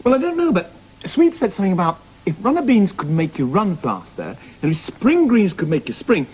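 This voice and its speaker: A man's voice: sits high, wildly swooping pitch, a little fast, darkish tone, husky. A man hosting a children's puppet show, theatrical and prone to giggling. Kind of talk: children's TV presenting.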